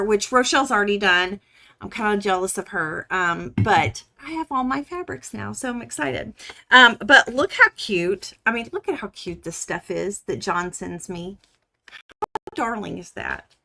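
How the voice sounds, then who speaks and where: A woman hosting a quilting livestream from her home studio, gushing and chatting excitedly with viewers as she unboxes fabric. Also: mid-range voice. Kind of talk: casual live stream chat.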